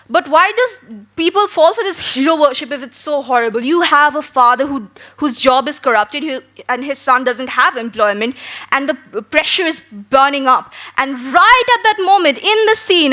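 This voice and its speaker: High, bright-voiced young woman debating. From India. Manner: emphatic, rhetorical, with dramatic pauses and questions. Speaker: school debater. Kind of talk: competitive debate speech.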